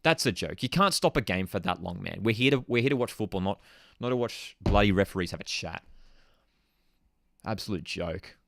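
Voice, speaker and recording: A man's voice: on the low side, expressive, moderate pace, gravelly, fairly bright tone, no echo. A young man hosting a live football watchalong, ranting in exasperation and casual slang while reading out chat messages. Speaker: host of a football watchalong stream.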